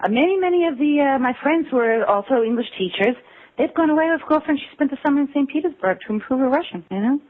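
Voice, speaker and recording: A woman's voice: high voice, fast talker. An American woman talking as an interview guest, telling stories and acting out quotes with a laugh. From United States. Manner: animated storyteller who acts out quotes and laughs. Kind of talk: casual interview conversation. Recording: tinny phone line.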